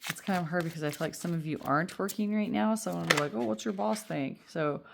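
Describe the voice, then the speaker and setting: A woman's voice: fairly low pitch, quick pace, creaky, noisy background. A woman giving a casual, reassuring tarot reading, chatty and rambling with fillers. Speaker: tarot reader.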